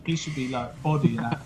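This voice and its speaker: A man's voice: medium pitch, fairly even intonation, normal speed, dark tone, low-quality recording. A young man with a blunt, sweary, rambling manner, chatting casually about football over a video call. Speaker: football podcast co-host.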